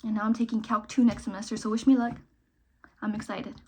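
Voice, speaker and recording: A woman's voice: mid-range voice, flat delivery, fast. Young woman, casual makeup vlog chatter, rambling and self-mocking, faint background hiss. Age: young adult. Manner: rambling, self-mocking, drifts between loud and whispered asides. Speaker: vlogger. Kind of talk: casual get-ready-with-me chat.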